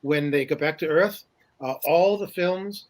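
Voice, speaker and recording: An older man tells long stories as an interview guest, with a slightly raised pitch. He rambles through fillers and restarts and chuckles often as he goes. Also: a little slow. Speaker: guest, paranormal journalist. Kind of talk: casual interview storytelling.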